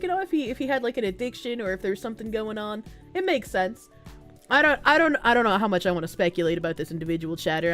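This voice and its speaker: A young woman streamer with a stuffy nose, chatting casually and softly with her chat, giggling and swearing freely. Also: on the high side. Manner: soft-spoken, not loud, giggly, swears casually. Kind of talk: casual live-stream chat, reading chat messages aloud.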